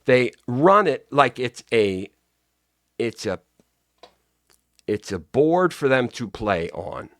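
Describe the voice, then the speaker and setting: A man's voice: medium pitch, sing-song, takes it slowly, long pauses, a bit bright, no room sound. Male vlogger, combative cursing rant, medium voice, dry recording. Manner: profane, combative, repetitive. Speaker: political commentator. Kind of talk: angry political rant.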